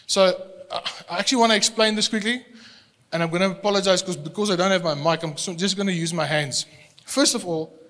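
A male pastor preaching a sermon, animated and given to repeating words as he restarts, speaking without a microphone in a church hall. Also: sits high, fairly quick. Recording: long hall reverb, no microphone.

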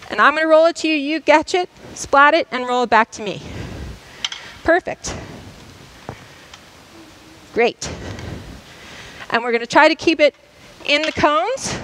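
A woman's voice: high-pitched, fairly bright tone, a little hiss or hum, low-quality recording. A woman coach demonstrating tennis drills for a class in a school gym, explaining each step and checking in often. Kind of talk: instructional demonstration.

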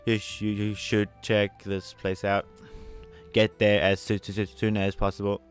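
A man's voice: lowish voice, completely flat delivery, normal speed, soft background music, close to an everyday voice. A man voicing a glitching computer from a game, stuttering and repeating broken words as he reads its lines. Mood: glitchy.

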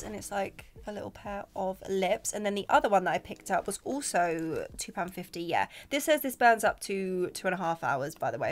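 A young woman with a British accent talks through a clothing and home haul in loose, chatty vlog style. Her speech is full of "like" fillers and blunt, candid asides, now and then a swear word. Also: lowish voice. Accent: British English. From Britain. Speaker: vlogger. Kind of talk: casual shopping haul chat.

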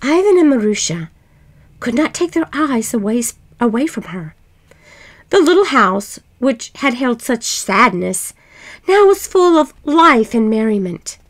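A woman reads an old fairy tale aloud for listeners. Her reading is gentle and expressive. Her high voice swings widely, and she takes her time. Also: unhurried. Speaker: storyteller.

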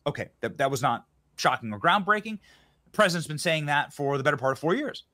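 A man giving heated political commentary, indignant and quick to hurl insults, often restarting his sentences. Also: fairly high pitch, animated, bright, forceful tone. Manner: indignant, name-calling, many restarts.

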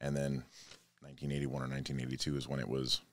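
Man, extremely low voice, dry studio sound, casual podcast chat, offhand joking. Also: monotone, fast, dry recording. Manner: reads news aloud with offhand jokes. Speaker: podcast guest.

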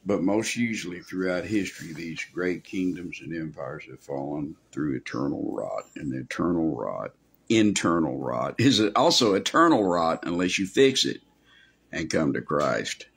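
A man's voice: sits low, very animated, normal speed, creaky, a bit bright, slightly rough. A male pastor preaching a sermon in a folksy, rambling way with asides.

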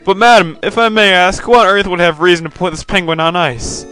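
A self-important penguin detective in a cartoony game, officious and stern. A man puts him on in a raised, lifted voice with a bright, tense edge, every line delivered with puffed-up authority. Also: high voice, brisk, faint music behind, pitched above the performer's own voice. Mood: pompous.

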